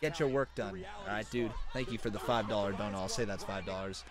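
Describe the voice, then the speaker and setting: A man hosting a live stream who chats about a wrestling show as it plays and reads out viewer donations, getting excitable at big moments. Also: fairly low pitch, fast, a crowd in the background. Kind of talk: live wrestling reaction commentary.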